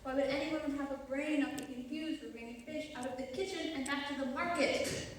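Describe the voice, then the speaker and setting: A woman playing an anxious, reluctant chef accomplice, talking in an exasperated, quick way. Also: sits high, steady tone, natural voice. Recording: echoey room, distant mic, faint noise.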